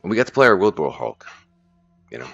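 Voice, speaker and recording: A man's voice: sits low, very animated, fast, creaky, fairly bright tone, slightly rough, muffled recording. A man chatting casually on a live stream as he plays a card game, loose and profane, thinking aloud.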